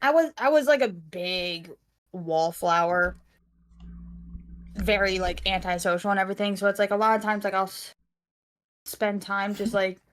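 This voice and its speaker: A woman talks casually as a guest on a call, at a middling pitch. She hesitates a lot, filling gaps with "like" and starting sentences over. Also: moderate pace, long pauses. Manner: hesitant, many fillers and false starts. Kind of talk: casual conversation.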